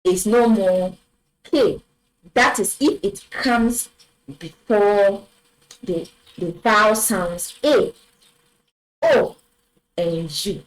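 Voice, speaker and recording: A woman teaching a French lesson online, repeating each example word slowly and clearly. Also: medium pitch, low-quality recording. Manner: slow, deliberate, repeats words for clarity.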